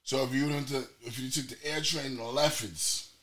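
A man's voice: mid-range voice, steady tone, moderate pace, fairly bright tone. A man joking and bantering on a casual podcast. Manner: joking banter with frequent laughs. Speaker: podcast co-host. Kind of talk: casual chat.

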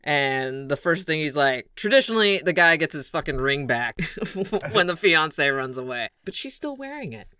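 Bright, clear-voiced man recapping a movie. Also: a little high, big pitch swings, normal speed, hardly any pauses, no echo. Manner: laughs often, recaps the plot, swears casually. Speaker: podcast co-host recapping a film. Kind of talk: casual chat.

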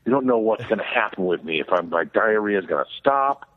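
Middle-aged man, podcast co-host, low lively voice, crude self-mocking humor, a bit under the weather. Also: brisk, narrow, tinny audio. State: sick with a fever. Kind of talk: casual comedic chat.

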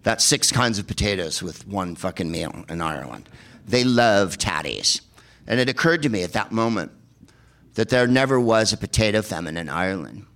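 A man's voice: on the low side, animated, normal speed, a bit bright. A man telling rambling, sardonic comic travel stories, with plenty of swearing and filler words. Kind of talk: comedic travel storytelling.

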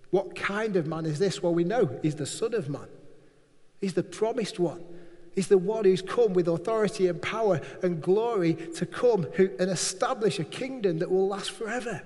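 A man's voice: high voice, moderate pace, a little mellow, big-room sound. A man preaching a sermon, emphatic and repetitive, often acting out quotes.

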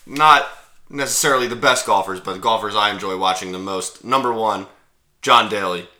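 A man's voice: lowish voice, a little fast, bright, forceful tone. A young man co-hosting a podcast, chatting casually about sports with jokes and rambling asides. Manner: joking, rambling with fillers. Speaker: podcast co-host.

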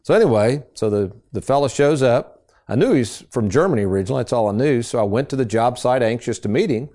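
A man's voice: mid-range voice, animated, fast, dark tone. Folksy man hosting a radio show. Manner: folksy storytelling. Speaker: financial advisor and radio host. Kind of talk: casual radio talk.

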